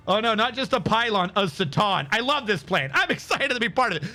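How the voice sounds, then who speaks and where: A man streaming a video game, reacting with sarcastic, excitable commentary and frequent swearing. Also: fairly high pitch, brisk, few pauses, soft background music. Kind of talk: let's-play commentary.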